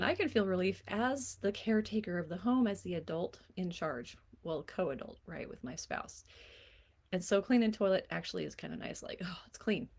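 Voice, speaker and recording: A woman in her forties, a life coach, talking casually and warmly, laughing often and now and then slipping into a playful voice. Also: medium pitch. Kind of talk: casual solo talk to camera.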